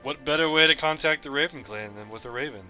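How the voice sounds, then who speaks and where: A man playing a tabletop game, talking in a dry, deadpan way. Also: on the high side, quick pace, highs cut off, faint music behind. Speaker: player. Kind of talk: casual game chat.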